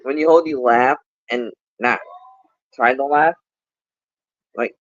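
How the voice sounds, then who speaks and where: A man's voice: medium pitch, slow pace, dry recording. A man joining a stream as a friend, chatting casually and teasing playfully. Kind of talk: casual chat. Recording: dull lo-fi call audio.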